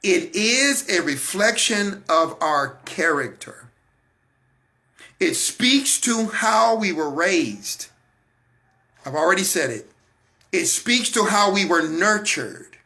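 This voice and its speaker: A man's voice: sits high, animated, slow pace, pauses often, bright, forceful tone. An American man hosting a Christian broadcast, giving an emphatic, repetitive sermon-like talk straight to his listeners. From United States.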